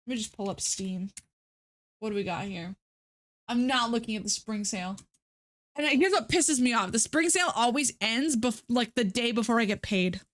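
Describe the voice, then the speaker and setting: A young woman streaming live, talking casually to her chat in a somewhat high voice. She rants with dramatic, exasperated outbursts. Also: expressive, normal speed.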